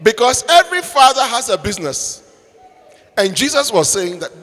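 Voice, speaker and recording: Animated preacher in an echoey hall. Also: male voice, very high-pitched, normal speed. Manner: animated and humorous, swings from shouting to near whisper. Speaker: pastor. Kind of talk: sermon. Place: church.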